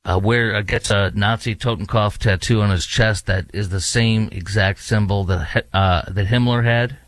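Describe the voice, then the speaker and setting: A man's voice: on the low side, steady tone, normal speed, no room sound. A man hosting his own talk show, delivering a heated, emphatic opinion monologue with many fillers. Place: studio in a large US city.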